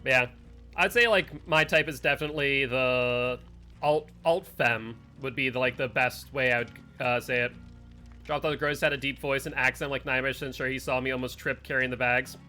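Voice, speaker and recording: A man streaming a game live, chatting casually with his friends and chat, full of "like" and quick asides. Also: medium pitch, steady tone, pushed and bright, soft background music. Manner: chatty, filler-heavy, talks to chat and friends.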